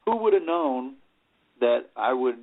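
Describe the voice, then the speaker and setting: A middle-aged man from New York spins road stories as an interview guest, rambling and leaning on "you know" between thoughts. His voice sits at an ordinary pitch for a man. It comes through thin and tinny, like a phone line. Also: big pitch swings, measured pace. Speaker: interview guest, rock singer. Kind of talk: casual storytelling interview.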